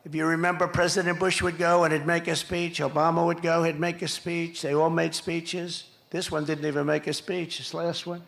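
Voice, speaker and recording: A man's voice: on the high side, level tone, normal speed, creaky, hardly any pauses, a bit bright. A man giving a campaign rally speech outdoors into a podium microphone, rambling and repeating himself with mocking asides. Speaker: political speaker at a campaign rally. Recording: echoey rally PA sound.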